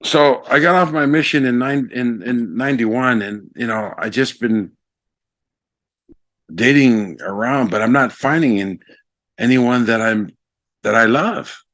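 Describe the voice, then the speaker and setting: A man in his fifties, a guest speaker, telling a personal story in a casual, animated way. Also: medium pitch, unhurried, no echo. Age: 50s. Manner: animated, acts out both sides of a remembered conversation.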